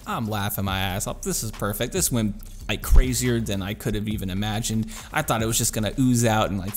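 A young man vlogger telling a story in a casual way. He swears freely and acts out the voices of the people in it. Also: fairly low pitch. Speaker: YouTuber.

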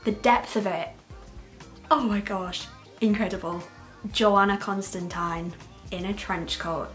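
A woman's voice: mid-range voice, unhurried, faint music behind. Gushing woman fan, laughs a lot. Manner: excitable and gushing, laughs often. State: emotional, close to tears. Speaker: vlogger reacting to a trailer. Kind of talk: casual, unscripted reaction commentary.

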